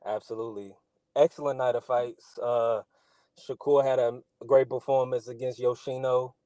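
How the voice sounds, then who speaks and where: A man calling into a boxing stream with a mellow, darker voice and a dry sound. He talks in an easygoing, upbeat manner. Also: medium pitch, flat delivery, normal speed, no room sound. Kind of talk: casual chat.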